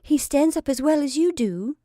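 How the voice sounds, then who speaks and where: A woman reading aloud voices a shy, polite thirteen-year-old girl who turns defiant, speaking softly and eagerly, sometimes in a whisper, in a dry room. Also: high-pitched, lively intonation, moderate pace, no echo, pitched above the performer's own voice. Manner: soft, eager, at times whispered.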